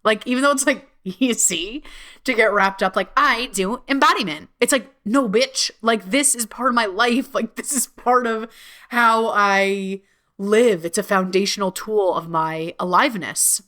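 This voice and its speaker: Bright-voiced, swearing woman podcaster. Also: a little slow. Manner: chatty, heavy swearing and frequent "like" fillers; animated, with sudden jumps up in pitch. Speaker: podcast host. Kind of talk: casual solo podcast monologue.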